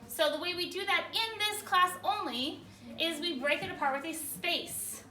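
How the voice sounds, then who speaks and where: A woman teacher leading a spelling lesson for a class, energetic, often stopping to check in with questions. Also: very high-pitched, normal speed. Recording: echoey room, far from the mic.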